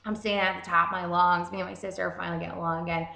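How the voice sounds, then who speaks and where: A young woman telling a story in a casual, animated way, swearing constantly. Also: fairly low pitch, rapid-fire, creaky. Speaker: vlogger. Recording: roomy echo.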